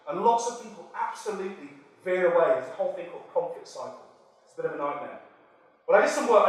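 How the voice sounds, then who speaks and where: A British man giving an energetic, jokey keynote talk on stage, chatting with the audience. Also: fairly high pitch, distant mic. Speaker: conference keynote speaker. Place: large conference hall. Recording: echoey hall, speaker off-mic.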